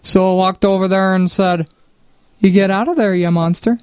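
A man's voice: high-pitched, fairly even intonation, moderate pace, darkish tone, clean tone, dry recording, voice pushed up, lightly acted. A man putting on an exaggerated Minnesota accent as a folksy snowbound local, telling a sing-song story.

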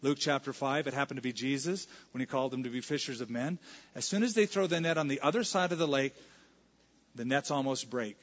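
A man's voice: mid-range voice, brisk. Man preaching in an echoing hall. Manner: conversational preaching, acts out scripture dialogue. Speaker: pastor. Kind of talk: sermon. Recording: reverberant hall, dull lo-fi sound.

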